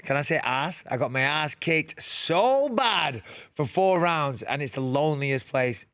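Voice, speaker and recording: A man's voice: fairly high pitch, animated, measured pace, a bit bright, dry recording. A man with a northern English accent, talking frankly as a guest in a casual studio interview and laughing easily. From England. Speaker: guest fighter. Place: radio studio.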